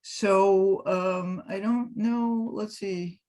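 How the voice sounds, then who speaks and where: A webinar presenter giving a training talk over a video call, halting with many fillers and restarts. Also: mid-range voice, steady tone, dark tone.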